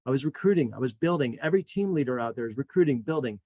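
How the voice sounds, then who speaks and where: A man hosting a real estate webinar, talking in an energetic, repetitive motivational way and a little out of breath. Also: medium pitch, fast talker, dry recording. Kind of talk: enthusiastic webinar pitch.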